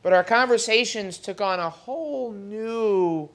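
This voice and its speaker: A funeral director who also works as an emergency medical technician gives a eulogy at a memorial service in a funeral home. The speaker tells stories about the deceased in a loose, conversational way, often pausing and talking straight to the mourners. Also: medium pitch. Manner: conversational storytelling, acts out dialogue with humor.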